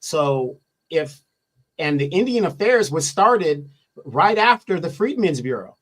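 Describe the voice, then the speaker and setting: As a guest on a live political discussion, a man presses his points with rhetorical questions and frequently restarts his sentences. His voice is on the high side and sing-song, and he speaks a little slowly.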